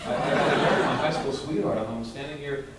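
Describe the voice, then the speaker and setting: A man's voice: mid-range voice, brisk, very noisy. A man answering fan questions on a convention panel, playful and self-mocking. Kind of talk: joking convention Q&A. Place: large convention hall. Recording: echoey hall from far off, loud crowd.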